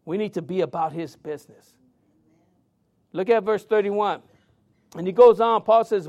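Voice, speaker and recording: A man's voice: sits high, lively intonation, moderate pace, darkish tone. A man preaching a sermon in a loose, conversational storytelling way, full of fillers and restarts. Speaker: pastor.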